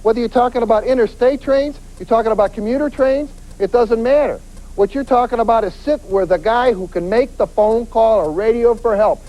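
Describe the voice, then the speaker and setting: A man, a police detective, giving a lively lecture on avoiding crime, acting out quoted voices and hammering points with repetition. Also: high voice, poor audio. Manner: animated, acts out quoted voices, emphatic repetition.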